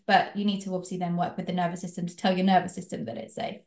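A woman's voice: fairly low pitch, little pitch movement, racing, a little mellow. Encouraging woman in an echoey room. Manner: encouraging, filler-heavy, many "like"s. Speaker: podcast co-host. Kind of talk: casual podcast chat.

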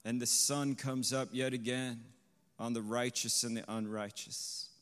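A man preaching a sermon to a congregation. He asks the listeners questions, tags on "right?", and swells to loud, emphatic peaks. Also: mid-range voice, level tone, unhurried, big-room sound. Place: congregation hall.

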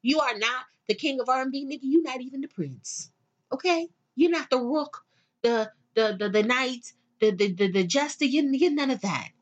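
A middle-aged woman hosting a show, delivering a blunt, profane, animated rant in casual monologue. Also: high-pitched, moderate pace, lo-fi sound. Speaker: podcast host.

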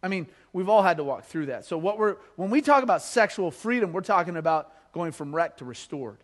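A middle-aged pastor from Colorado, preaching with jokes and lively storytelling. His voice sits a little higher than most men's. He swings from punchy, energetic anecdotes to quiet, earnest appeals. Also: fairly quick. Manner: humorous storytelling, energetic, drops low and soft for earnest appeals. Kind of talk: sermon.

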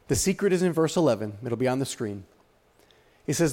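A man's voice: on the high side, sing-song, a little fast, mellow. A male pastor preaching a sermon with dramatic rhetorical questions and repetition.

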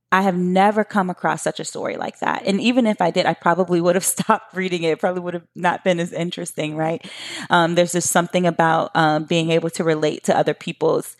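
A woman podcast host in her thirties talks straight to her listeners, chatty and emphatic. Her voice sits a little low for a woman. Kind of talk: solo podcast monologue.

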